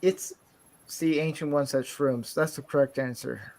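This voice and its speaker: A man's voice: mid-range voice, steady tone, a little slow, gravelly, a little mellow. A man chatting casually on a stream, rambling and joking, often cutting himself off mid-sentence. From southern Florida. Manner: rambling, joking, self-interrupting. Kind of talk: casual chat. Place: California home.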